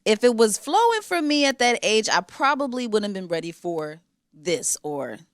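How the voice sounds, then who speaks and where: Chatty woman host, lively pitch. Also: moderate pace, no room sound, studio quality. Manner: supportive, chatty, lots of short agreements. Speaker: interview host. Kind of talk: casual interview chat.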